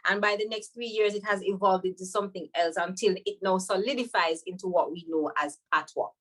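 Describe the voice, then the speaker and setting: A woman with a Jamaican accent from Jamaica, a podcast guest talking in a lively way and laughing often. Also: mid-range voice, a little fast. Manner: animated, laughs often, slips into patois when quoting. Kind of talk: podcast conversation.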